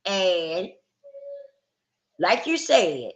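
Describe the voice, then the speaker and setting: A woman's voice: sits low, animated, a little slow, a bit bright. A woman vlogger talking candidly and emphatically to her viewers in casual chat, swearing freely.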